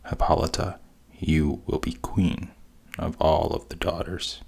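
A man's voice: very deep voice, level tone, a little slow, creaky, darkish tone, husky, full character voice. A man voicing a chorus of goddesses speaking from the heavens in a solemn, pronouncing way. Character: chorus of commanding female goddesses.

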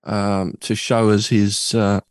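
A man's voice: on the low side, flat delivery, slow, no room sound. A man hosting a radio show from a studio, bantering casually and joking with his co-host, rambling a little with filler words. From United Kingdom. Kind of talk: casual banter between co-hosts.

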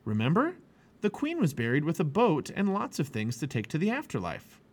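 A man's voice: on the high side, wildly swooping pitch, normal speed, voice pushed up. Jack, a man voicing a nervous young boy. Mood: worried. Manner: worried, cautious.

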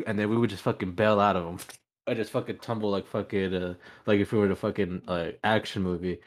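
A young man co-hosting a podcast, telling stories in a rambling way with lots of swearing and laughing. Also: fairly low pitch. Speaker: podcast co-host. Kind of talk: casual chat.

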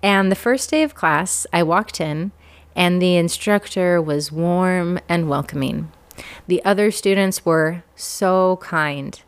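A woman's voice: on the low side, takes it slowly. A woman in her thirties telling a personal story in a candid, self-deprecating way, often laughing.

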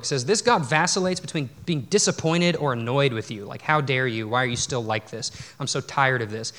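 A man's voice: fairly high pitch, a bit bright. A man preaching a sermon in a church, talking conversationally with restarts and self-deprecating asides. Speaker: pastor. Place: church sanctuary.

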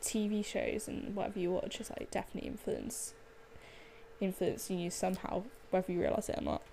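A woman chatting casually about something she enjoys, her voice at an ordinary middle pitch. She talks in loose, rambling sentences packed with fillers and half-finished thoughts, the relaxed flow of two friends catching up. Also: fairly quick, vocal fry, a little hiss or hum. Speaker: artist. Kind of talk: casual chat.

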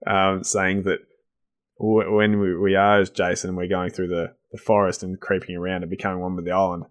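A man's voice: low-pitched, little pitch movement, a little fast. A man co-hosting a podcast in casual chat, enthusiastic and laughing often, with many fillers and restarts. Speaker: podcast co-host.

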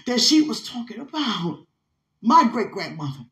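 A young woman delivers an emotional, spiritual monologue to her partner, heartfelt and often tearful, her voice swinging between loud outbursts and hushed asides. She speaks at normal speed in a mid-range voice with lively intonation.

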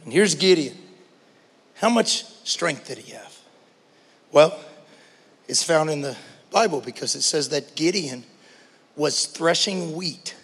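A man preaching a sermon as pastor, passionate, swinging between hushed talk and shouting. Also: on the high side, breathy edge, big-room sound. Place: church.

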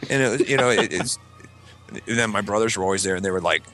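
A man's voice: lowish voice, quick pace, creaky, faint music behind. A man telling rambling stories in a casual podcast chat. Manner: rambling, restarts, animated impressions. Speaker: podcast co-host.

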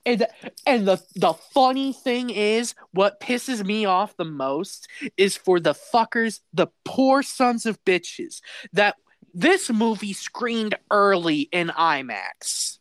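A man co-hosting a podcast, telling a story in a casual, animated way, laughing and swearing as he goes. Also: sits high, slow pace, no room sound. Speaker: podcast co-host.

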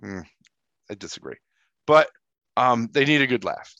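A man's voice: mid-range voice, big pitch swings, moderate pace, pushed and bright, no echo. A man co-hosting a casual movie-review podcast, chatty and teasing as he tells stories. His voice sits in a mid range. The recording is dry and slightly dull. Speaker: podcast co-host.

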